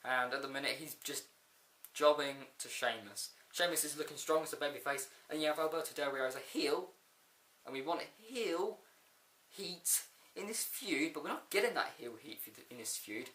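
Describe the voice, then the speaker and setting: A man talks through a casual wrestling review in a rambling, excitable way, full of fillers and sudden outbursts. His voice is bright and sits a little high. The recording picks up a lot of room echo. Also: moderate pace. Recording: echoey room.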